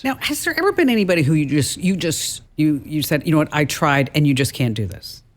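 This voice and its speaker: Woman, radio host, casual chat, low speaking voice, lively pitch. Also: a little fast. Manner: low, husky-leaning speaking voice, laughs easily.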